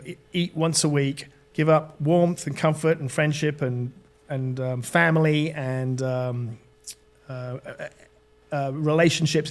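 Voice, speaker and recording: British man telling a story, higher voice. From Britain. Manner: animated storyteller, many fillers and restarts. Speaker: podcast guest. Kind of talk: storytelling in interview.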